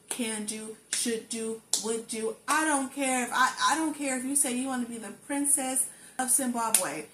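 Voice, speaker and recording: A young woman with a fairly high voice talks earnestly to her vlog, stacking repeated phrases for emphasis. She sounds roomy and echoey, with a faint hum of ambience behind her. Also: a bit bright. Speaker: lifestyle vlogger. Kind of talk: personal reflective monologue.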